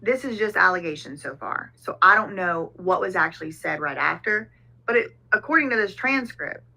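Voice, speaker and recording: A woman's voice: lowish voice, animated, moderate pace, creaky, bright, forceful tone, poor audio. A woman hosting a reaction video, casually reading a document aloud and commenting on it with lots of fillers. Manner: conversational, reads documents aloud with frequent fillers. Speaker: reaction channel host.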